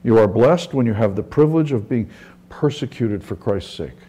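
In his sermon, a middle-aged pastor tells conversational stories and keeps restarting sentences. His medium-pitched voice is warm and slightly rough, with lively intonation at normal speed.

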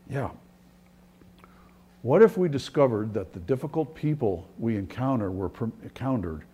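Earnest low-voiced male preacher. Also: warm tone, a little hiss or hum. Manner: earnest, with restarts, dropping to near-whispers. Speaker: pastor. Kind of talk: sermon.

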